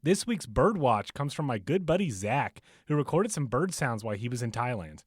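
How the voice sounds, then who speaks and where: A man's voice: mid-range voice, big pitch swings, normal speed, dry recording, clean studio sound. A man hosting a podcast in a chatty, casual way, laughing at his own jokes and using many fillers, recorded in a bookstore. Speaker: podcast host.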